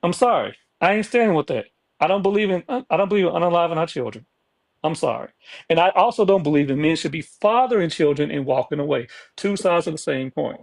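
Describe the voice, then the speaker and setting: A man's voice: a little high, expressive, a little fast, gravelly, no echo. A man speaking bluntly and emphatically as a guest in a heated live panel debate.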